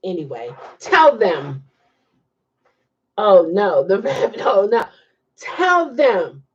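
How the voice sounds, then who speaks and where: A woman's voice: mid-range voice, very animated, slow pace, breathy edge, lo-fi sound. A woman hosting a casual livestream, chatting and reacting to viewer comments with frequent laughs. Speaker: livestream host.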